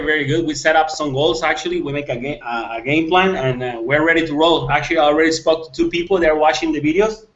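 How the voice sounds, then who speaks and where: A man speaks earnestly as a guest on a live video call, often answering with short repeated agreements. His voice sits a bit high for a man and sounds dull and lo-fi over the call. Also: a bit bright. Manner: earnest, repeats 'yeah' and 'very good'. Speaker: guest caller. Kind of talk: casual chat. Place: online video hangout.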